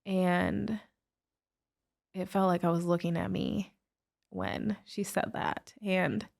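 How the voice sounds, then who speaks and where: A woman's voice: fairly low pitch, little pitch movement, slow pace, vocal fry, darkish tone. A woman guest recounting a painful personal story in an interview, emotional and full of "like" fillers. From United States. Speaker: guest, author and speaker.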